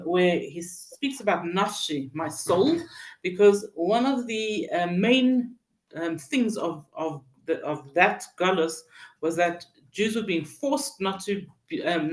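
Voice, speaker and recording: A teacher giving a Torah lesson on Psalms, halting with many fillers and restarts, telling stories and acting out the people in them. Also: mid-range voice. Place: synagogue hall. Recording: roomy echo.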